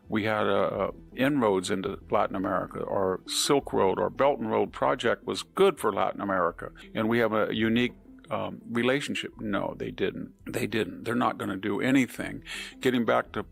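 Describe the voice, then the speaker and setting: An older man giving unscripted political commentary, measured and methodical, ticking through points with restarts and pauses. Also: on the low side, vocal fry, faint music behind.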